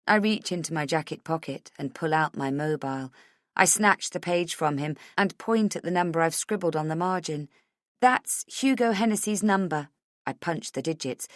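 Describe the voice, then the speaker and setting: A woman narrating a suspense audiobook in the first person, measured and tense. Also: low-pitched, a bit bright, dry recording, studio quality.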